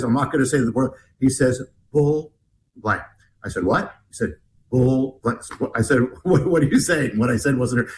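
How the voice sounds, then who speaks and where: Man, guest on a talk show, rambling, restarts a lot, fairly high voice, faint hiss. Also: low-quality recording. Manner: animated, rambling retelling with many restarts. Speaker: guest author. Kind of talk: casual interview storytelling.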